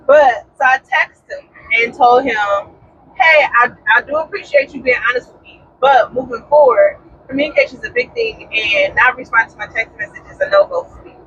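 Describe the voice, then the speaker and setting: A young woman chatting casually as a podcast co-host, expressive and playfully defensive. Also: high voice, brisk. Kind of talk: casual chat. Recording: distant, dull, noisy sound.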